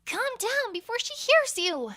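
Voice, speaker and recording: An earnest young unicorn mare, voiced by a woman, very high-pitched and lively, with a dry, close sound. She rambles nervously in a fan audio drama. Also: a little slow, dry recording, exaggerated voice. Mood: anxious.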